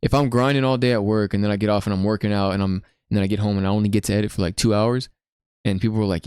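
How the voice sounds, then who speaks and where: A young man hosting a podcast, telling stories in a casual, slangy, animated way. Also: fairly low pitch, very fast, clean tone, dry recording, studio quality. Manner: slangy, animated storytelling with lots of "bro". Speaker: podcast host. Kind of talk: casual chat.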